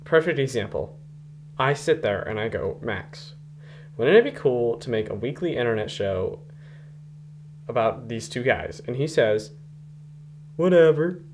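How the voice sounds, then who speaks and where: A man's voice: medium pitch, lively intonation, a little slow, long pauses, a little hiss or hum. A young man in a mock interview, grandly scornful and mock-pompous. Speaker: interviewee in a comedy sketch.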